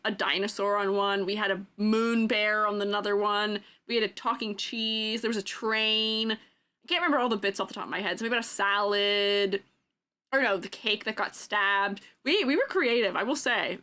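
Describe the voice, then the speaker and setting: Giggly animated young woman streamer. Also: medium pitch. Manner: giggly, animated, chatty with viewers. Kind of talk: casual chat.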